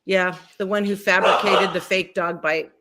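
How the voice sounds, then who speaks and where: A woman's voice: fairly low pitch, fairly even intonation, normal speed, heavy background noise. Chatty middle-aged woman. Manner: chatty, storytelling, laughs easily. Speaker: guest. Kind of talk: casual interview chat.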